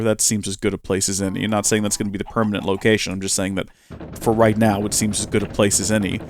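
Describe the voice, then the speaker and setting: A man talking casually through his gameplay as host, chatty and self-mocking, often talking to the game's animals and to viewers. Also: medium pitch. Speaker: Minecraft let's-play host.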